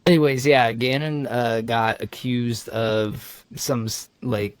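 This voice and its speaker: A man's voice: mid-range voice, fairly even intonation, slow pace, clear, resonant tone, dry recording. Joking man with a dry recording. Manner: joking, teasing recapper of shared stories. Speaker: podcast co-host. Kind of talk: casual chat.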